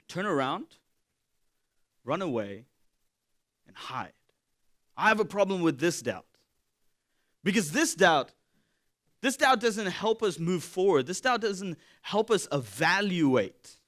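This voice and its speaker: Brief: young male preacher, slightly higher voice, casual storytelling sermon, chatty and repetitive. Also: fairly bright tone. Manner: storytelling, conversational with fillers and repeated phrases.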